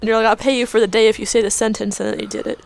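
Gravelly young woman, blunt. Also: a little high, level tone, very fast, no echo. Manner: blunt, opinionated. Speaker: podcast co-host. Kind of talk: casual podcast banter.

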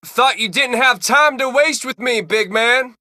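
A man's voice: very high-pitched, a little slow, bright, forceful tone, heavily acted. A man voicing a young street racer who answers a rival with dry, sarcastic jabs in a video game. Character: wisecracking young male racer, unimpressed.

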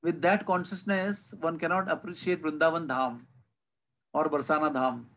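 A spiritual teacher gives a devotional lecture over a video call, his fairly high voice at normal speed on poor audio with slight background noise. He tells stories, asks rhetorical questions, and speaks with lively emphasis.

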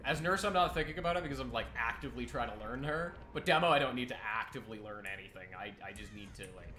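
A man giving playful, chatty gameplay commentary, teasing other players and squealing up high when he goofs around. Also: lively intonation, fast, pushed and bright. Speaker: gaming streamer. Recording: roomy sound with audible background noise.

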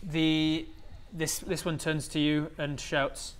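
A man's voice: fairly high pitch, flat delivery, slow, smooth. A man running a tabletop game as game master, explaining rules with many fillers and restarts. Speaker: dungeon master.

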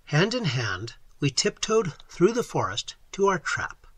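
A man's voice: on the high side, wildly swooping pitch, unhurried, husky, no echo. A man reading a story aloud as audiobook narrator, telling it expressively. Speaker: audiobook reader. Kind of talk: scripted narration.

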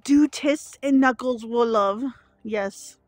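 A young woman livestreaming a horror game to chat, jumpy and excitable, laughing and gasping as she pleads with her friends. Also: on the high side, slow pace, no room sound. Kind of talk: live gameplay commentary to chat.

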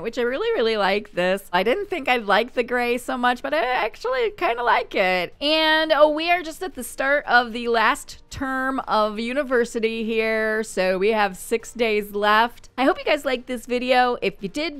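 A woman giving casual commentary on her life-simulation game, chatty and quick to voice her characters' thoughts. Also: a little high, a bit bright, clear, resonant tone, no echo. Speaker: gaming YouTuber.

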